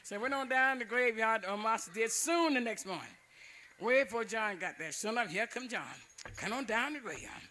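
An older man tells a folk tale in a loose, repetitive style with frequent chuckles. His voice sits high. Its tone is bright and forward. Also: expressive, moderate pace. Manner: chuckling, dialect-rich, repetitive. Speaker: storyteller.

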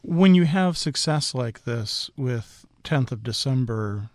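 A man hosting a radio book show, asking measured, courteous questions and closing the program. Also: medium pitch, expressive, dry recording. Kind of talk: radio interview.

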